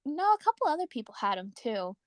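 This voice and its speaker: A woman's voice: high-pitched, fast, dry recording. A young woman co-hosting a casual podcast, chatting loosely, swearing and laughing often. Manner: laughing, swearing, animated storytelling. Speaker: podcast co-host. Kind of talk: casual chat.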